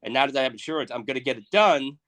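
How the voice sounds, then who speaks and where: A man in his thirties co-hosting a podcast, delivering a crude, profane comedic rant that swings between loud outbursts and muttered asides. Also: medium pitch, animated, rapid-fire. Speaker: podcast co-host.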